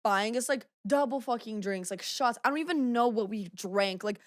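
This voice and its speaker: A woman's voice: a little high, moderate pace, dry recording, studio quality. A young woman co-hosting a podcast in casual chat, chiming in with stories and swearing freely. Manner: chatty, swears freely, chimes in and finishes stories. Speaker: podcast co-host.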